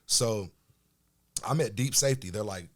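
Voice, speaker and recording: Man from oklahoma, low voice, animated storyteller, casual chat. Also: normal speed. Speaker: podcast guest, former football player.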